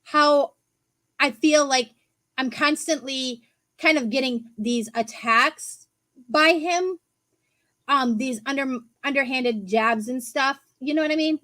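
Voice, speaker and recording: A woman's voice: sits high, takes it slowly, bright, forceful tone, dry recording. A woman venting on a livestream about being attacked, hesitant and hurt. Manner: hurt, rambling, hesitant with fillers. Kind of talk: upset livestream monologue.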